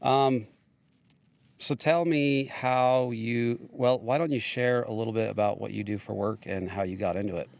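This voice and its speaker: Male podcast host, low gravelly voice, dry close sound, relaxed interviewer with short affirmations. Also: moderate pace, no echo. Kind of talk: casual interview chat.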